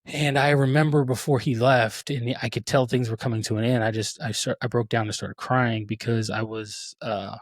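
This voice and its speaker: A man's voice: medium pitch, steady tone, normal speed, hardly any pauses, no room sound, studio quality. A man in his thirties, a podcast host telling a personal story in an earnest, reflective way with many restarts. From Texas. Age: 30s.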